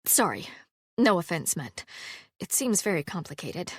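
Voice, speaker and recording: A woman's voice: lowish voice, sing-song, unhurried, husky, dry recording, clean studio sound, exaggerated voice. A woman reading an audiobook and voicing a frank, wry young housekeeper heroine.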